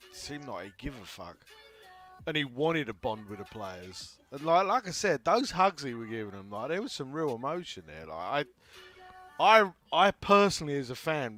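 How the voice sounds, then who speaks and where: A man's voice: medium pitch, fairly bright tone. A man calling in to a casual show, speaking bluntly and swearing freely. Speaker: caller. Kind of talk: casual call-in chat.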